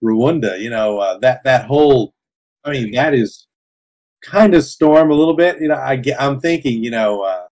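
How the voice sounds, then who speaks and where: A man co-hosting a podcast, his gravelly voice swinging up and down in pitch. He talks haltingly, leaning on fillers as he gropes for his point. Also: lively intonation, darkish tone, low-quality recording. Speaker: podcast co-host. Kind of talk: casual interview chat.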